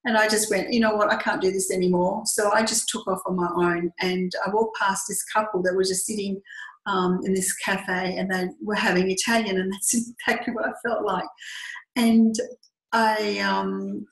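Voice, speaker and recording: A middle-aged Australian woman tells a personal story in an earnest, reflective way, acting out what people said. Her voice sits at an ordinary pitch for a woman. The room around her is noticeably echoey. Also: flat delivery, normal speed. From Western Australia. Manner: earnest, reflective, acts out quoted dialogue. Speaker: group tour leader.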